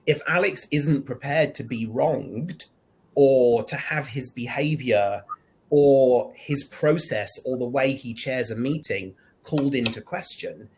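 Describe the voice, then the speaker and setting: A man speaking as a guest on a discussion panel, animated, switching into higher voices to act out lines. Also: poor audio. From United Kingdom.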